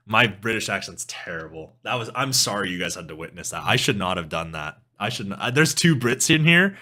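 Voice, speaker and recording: Animated young Canadian man streaming. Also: on the low side, brisk, few pauses. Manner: animated, laughs often, swears casually. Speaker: music streamer. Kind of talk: casual live-stream chat.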